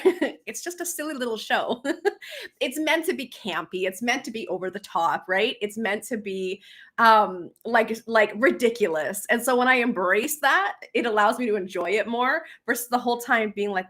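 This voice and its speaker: A woman's voice: mid-range voice, expressive, normal speed, fairly bright tone. A woman hosts a casual live stream as a business coach, chatting with lots of laughter and fillers and reading comments aloud.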